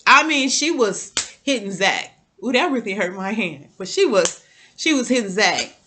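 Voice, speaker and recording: Animated woman with a bright voice. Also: medium pitch, moderate pace, slight background noise. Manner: animated, talks straight to viewers, repeats words. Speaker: TV recap vlogger. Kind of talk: casual chatty TV recap.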